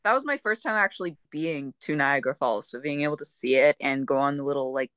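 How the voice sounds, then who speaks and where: A woman's voice: low voice, fast, fairly bright tone, clear, resonant tone, no room sound. A young woman from Canada, chatting as an interview guest in an upbeat way and laughing easily. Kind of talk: casual chat.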